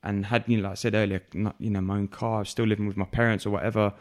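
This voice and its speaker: Brief: young male guest, lowish voice, thoughtful and halting. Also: level tone. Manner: reflective, many fillers and restarts. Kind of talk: candid podcast conversation.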